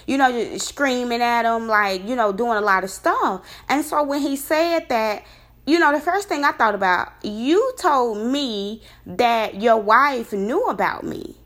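A woman casually telling a personal story, rambling and animated, her voice jumping high when she recounts her disbelief. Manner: rambling with many fillers and restarts.

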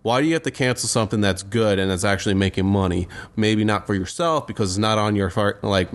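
A young man with a fairly low voice, rambling through a casual conversation. He leans on filler words and drops a curse now and then. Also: quick pace. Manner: rambling, full of "like" fillers, swears. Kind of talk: casual chat.

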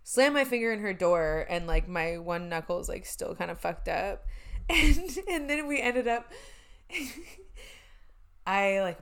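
A woman's voice: lowish voice, clean tone. A young woman in her twenties telling a story in casual chat, swearing, laughing and using lots of fillers.

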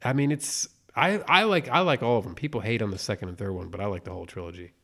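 A man's voice: lowish voice, fast, vocal fry, a bit bright, a little hiss or hum. A man co-hosting a podcast, chatting casually and animatedly about movies, swearing and laughing often. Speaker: podcast co-host. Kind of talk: casual chat.

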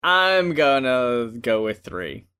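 Co-host, casual, lively up-and-down delivery, jokey. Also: mid-range voice, clean tone. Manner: lively, joking, quick to laugh. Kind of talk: casual chat.

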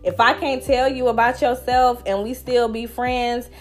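A young woman, hosting a podcast and telling a story in slangy, animated casual chat over a phone app. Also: fairly high pitch, unhurried, soft background music. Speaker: podcast host.

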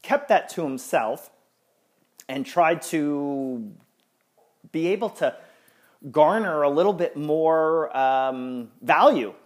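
A man's voice: takes it slowly, long pauses. A man hosting a sports podcast in casual chat, ranting with exasperation and stumbling restarts. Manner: lively, swinging up and down in pitch. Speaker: podcast host.

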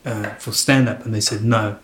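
A man telling comic stories in casual chat, animated and jumping high in pitch when he quotes people. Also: moderate pace, reverberant, a little hiss or hum.

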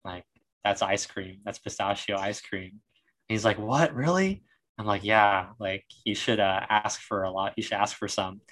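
A man's voice: fairly low pitch, monotone, normal speed, fairly bright tone. A young man guesting on a podcast, telling a rambling family story with laughter and fillers. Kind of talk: casual chat.

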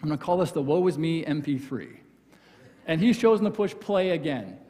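A man preaching a conversational sermon as pastor, acting out quoted voices and dropping very soft for emphasis. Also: fairly high pitch, very animated, fairly quick. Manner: conversational, acts out quoted voices, drops to near whisper for emphasis. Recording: church hall with long reverb.

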